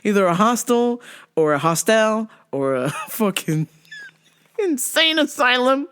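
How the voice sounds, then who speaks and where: A woman hosting a podcast who tells stories in a profane, animated way, laughing often and acting out other people's lines. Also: fairly high pitch, unhurried, slight background noise. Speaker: podcast host. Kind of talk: comedic storytelling.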